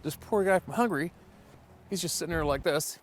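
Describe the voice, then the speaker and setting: A man hosting a hunting channel who tells a story in a casual, animated way, with plenty of emphasis and cursing. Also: a little high, brisk, a little hiss or hum.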